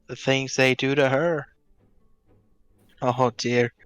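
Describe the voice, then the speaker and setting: A man's voice: mid-range voice, little pitch movement, slow, a bit bright, clear, resonant tone, soft background music. A man voicing a callous, mocking male tree spirit that taunts and speaks in riddles. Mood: taunting. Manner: taunting, cryptic, laughs callously.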